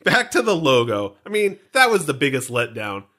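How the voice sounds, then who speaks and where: A man's voice: mid-range voice, normal speed. A man hosting a fan podcast, chatting casually and teasing his co-host with jokes. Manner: joking, teasing, animated.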